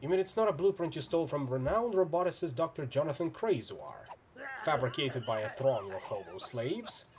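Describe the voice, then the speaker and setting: A man reading the part of a dry, sardonic adult male adventurer in a video game, delivered deadpan. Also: a little high, a little hiss or hum. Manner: deadpan and sarcastic.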